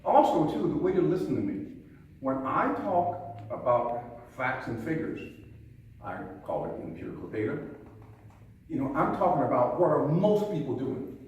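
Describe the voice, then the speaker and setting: A man's voice: fairly high pitch, very animated, moderate pace, darkish tone. An older man from the American South telling stories and giving homespun sayings as a police chief speaking to an audience. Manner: storytelling, homespun sayings, asks the audience questions. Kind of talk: folksy public talk to an audience. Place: museum hall with an audience. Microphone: recorded from across the room. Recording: echoey hall, distant mic, faint room noise.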